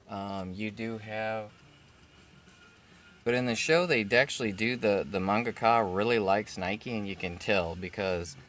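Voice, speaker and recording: A man hosting a casual unboxing video, talking in a relaxed, rambling way with many fillers and self-corrections. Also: on the low side. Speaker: vlog host unboxing a collectible figure. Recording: steady background noise.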